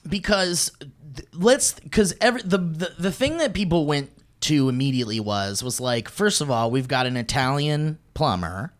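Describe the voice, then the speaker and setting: A man hosting a podcast in casual chat, animated and swearing freely in rapid bursts. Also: a little high. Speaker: podcast host.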